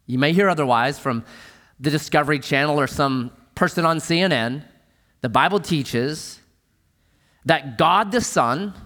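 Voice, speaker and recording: A man preaching a sermon in an animated way, dropping to soft emphasis on key words. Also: a little high. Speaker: pastor.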